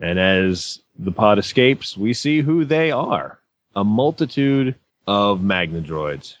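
A man's voice: fairly low pitch, expressive, slow pace, dry recording. Man hosting a chat show, dull dry sound. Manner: enthusiastic, recapping scenes. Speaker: podcast host. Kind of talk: casual chat.

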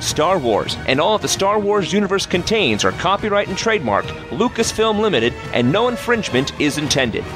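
A man reading scripted podcast credits and a disclaimer in a brisk, promotional way. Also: sits high, sing-song. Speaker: podcast announcer. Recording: music playing under the voice. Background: music.

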